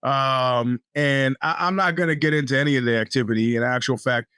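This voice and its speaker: A man's voice: medium pitch, fairly quick, sharp tone, clear, resonant tone, no echo. A man hosting his podcast in casual, rambling talk with wry, profane asides, his speech a bit off from a bitten tongue. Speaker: podcast host.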